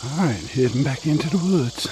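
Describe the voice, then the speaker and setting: A man's voice: mid-range voice, expressive, moderate pace, darkish tone, slight background noise, low-quality recording. A middle-aged man with a Louisiana accent, narrating a hiking vlog outdoors in a forest in a rambling, joking, folksy way. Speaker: vlogger.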